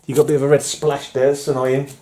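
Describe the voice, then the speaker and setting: A man's voice: medium pitch, little pitch movement, fast, warm tone. A man chatting casually at home while showing his comic books, rambling with fillers and chuckles. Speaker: comic collector vlogger. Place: room at home under fluorescent light.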